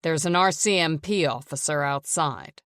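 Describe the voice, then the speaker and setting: A woman's voice: low voice, normal speed, a bit bright, no echo, studio quality. A woman reading an audiobook, voicing a cold, stern, controlling man who gives orders. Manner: stern, commanding.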